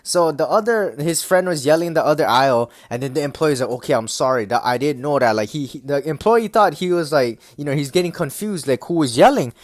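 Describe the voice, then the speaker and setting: A young man talks to camera in a loose, profane rant, his voice sitting a bit higher than most men's. He keeps checking in with his listeners as he goes. The sound is dry and close, with no room around it. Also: expressive, brisk, few pauses, dry recording. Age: young adult. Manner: profane, repetitive, keeps asking "right?". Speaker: vlogger.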